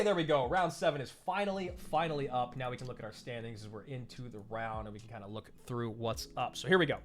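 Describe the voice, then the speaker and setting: Man in his thirties, streamer host, casual and chatty, mid-range voice, faint music underneath. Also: medium pitch. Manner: chatty, answers chat, jokes about himself. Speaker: esports streamer and caster. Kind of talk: casual live-stream chat.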